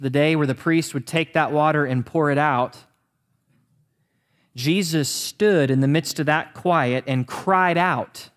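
A man in the pulpit, a pastor, preaching an animated, conversational sermon with many restarts. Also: a little high.

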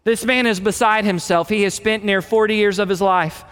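A man with a high voice preaches a sermon verse by verse. He speaks with emphasis and dramatizes the quoted dialogue. His voice rings with a long reverb, as in a large hall. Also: steady tone, normal speed, a bit bright, smooth. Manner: emphatic, acts out quoted lines. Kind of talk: expository sermon.

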